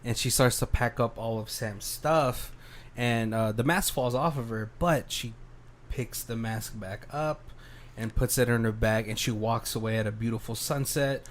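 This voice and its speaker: A man's voice: medium pitch, moderate pace, slight background noise. A man co-hosting a podcast, casually recapping a horror film and acting out the characters' lines. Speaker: podcast co-host.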